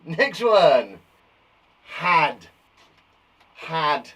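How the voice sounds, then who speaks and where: A man teaching a spelling lesson to young children, jokey and encouraging. His fairly high voice swings widely in pitch. He speaks slowly and leaves room between words. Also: very animated. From England. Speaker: primary school teacher.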